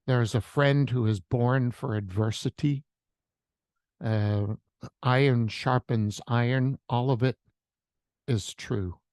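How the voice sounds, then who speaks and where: A man's voice: mid-range voice, steady tone, slow pace, long pauses, darkish tone, no echo. A man who is a worship leader, sharing a reflective devotional message with storytelling on a video call.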